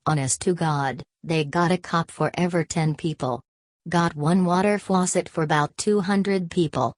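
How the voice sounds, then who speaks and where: A woman's voice: on the low side, normal speed, no echo, studio quality, natural voice. Woman reading a sad young migrant.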